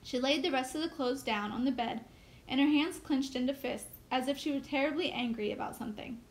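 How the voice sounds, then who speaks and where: A woman teacher reads a chapter of a novel aloud with steady, measured storytelling. Her voice is high. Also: rough recording.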